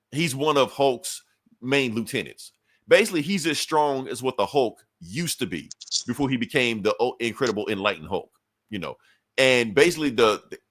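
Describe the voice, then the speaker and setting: A man co-hosting a podcast, recapping a comic book in a casual, profane, animated way. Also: medium pitch. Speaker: podcast co-host.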